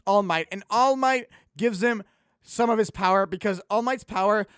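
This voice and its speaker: A man's voice: high voice, normal speed, a bit bright, clean tone, no room sound, clean studio sound. A young man hosting a casual podcast chat, rambling and stumbling over his words with lots of fillers. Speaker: podcast host.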